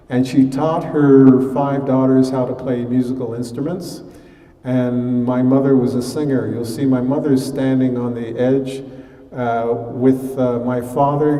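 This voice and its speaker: A Canadian-born man gives a museum lecture in a relaxed, conversational way, pausing with frequent fillers. His voice is mellow and sits in a middling register. He is heard from a distance, with the long reverb of a large hall around him. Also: mid-range voice. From Canada, born in Halifax. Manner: conversational, many fillers, mimics relatives in quotes. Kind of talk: public lecture. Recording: echoey hall from far off.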